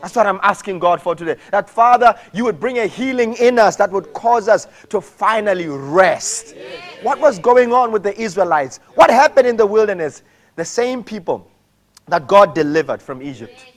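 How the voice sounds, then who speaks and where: Male pastor, high voice, animated sermon delivery with shouted peaks. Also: normal speed.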